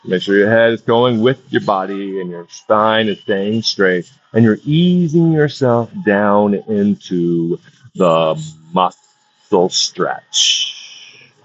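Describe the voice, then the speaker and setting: A man's voice: lowish voice, slow pace, no room sound. A man leading a stretching session, coaching in a loose, casual way and repeating his cues about breathing and balance. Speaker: wellness instructor. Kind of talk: guided stretching class. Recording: dull lo-fi dry sound.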